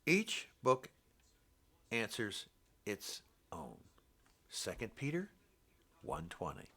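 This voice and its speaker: A man's voice: fairly low pitch, huge pitch swings, slow, pushed and bright. An older man giving an informal, rambling Bible teaching in a blunt, scolding way. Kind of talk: informal preaching monologue.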